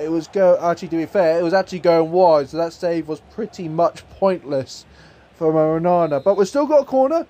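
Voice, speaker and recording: High-voiced excitable man commentating a game. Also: a little hiss or hum. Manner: excitable, jokey, says literally a lot. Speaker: gaming YouTuber.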